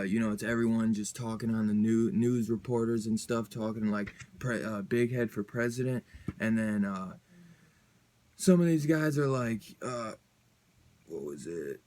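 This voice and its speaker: A man chatting casually about a comic book, excited and rambling in a loose, slangy way. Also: fairly low pitch, normal speed. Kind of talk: casual review chat.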